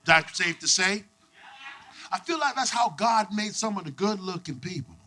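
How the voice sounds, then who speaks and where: A young man performing a stand-up comedy set, loud and profane, working the crowd with lively back-and-forth. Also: high-pitched, normal speed. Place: comedy club stage with live audience. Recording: noisy live club recording.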